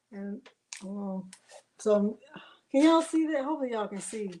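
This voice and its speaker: A woman's voice: medium pitch, expressive, slow, dark tone, a little hiss or hum. A woman hosting a live crafting demonstration from her home craft space, chatty, laughing often and talking straight to her viewers. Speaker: craft livestream host.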